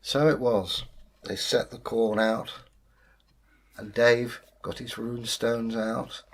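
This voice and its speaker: A man's voice: medium pitch, level tone. A man, host of the channel, telling a folktale in a casual, playful way. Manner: unhurried, playful, slips into voices.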